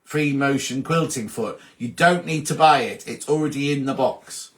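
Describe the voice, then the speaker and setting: A man's voice: medium pitch, moderate pace. A man hosting a casual live-stream chat, reading out viewer comments and answering them one by one. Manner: chatty, reads out comments and answers them warmly. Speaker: host.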